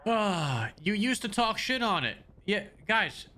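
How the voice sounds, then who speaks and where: High, bright-voiced ranting male streamer. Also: very animated. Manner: fast, profane, ranting, stammering restarts. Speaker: game streamer. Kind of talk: profane live-stream rant.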